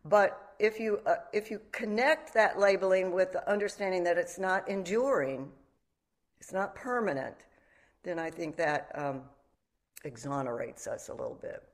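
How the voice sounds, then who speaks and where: A middle-aged woman with a lowish voice and lively intonation speaks at a moderate pace. She's giving a dharma talk on meditation, reflective and candid, blending teaching with personal stories.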